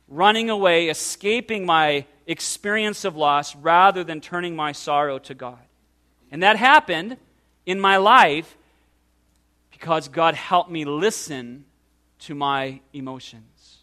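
A man preaching an earnest pastoral sermon, slowing down to stress key words and speaking directly to his listeners. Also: sits high, bright, forceful tone. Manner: earnest, pastoral, slows for emphasis.

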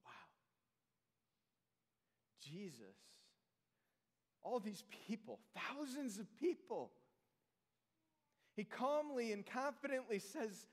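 High-voiced pastor preaching in a reverberant hall. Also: male voice, big pitch swings. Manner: earnest, drops to soft slow emphasis. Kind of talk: sermon.

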